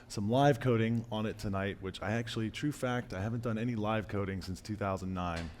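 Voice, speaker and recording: A man giving a casual live-coding talk at a meetup, losing his voice and clearing his throat, with fillers and restarts. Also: lowish voice, fairly quick, a little mellow, slight background noise. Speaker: meetup presenter. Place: meetup room.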